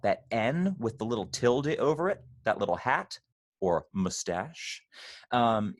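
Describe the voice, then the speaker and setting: A man leading an online choir rehearsal, patiently explaining pronunciation and slowly demonstrating sounds. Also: on the low side. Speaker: choir director.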